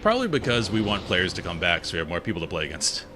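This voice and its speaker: A man streaming a game while chatting casually in a relaxed, rambling, opinionated way. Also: low-pitched, rapid-fire, noisy background. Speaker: gaming streamer. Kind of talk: casual chat while playing. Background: game music.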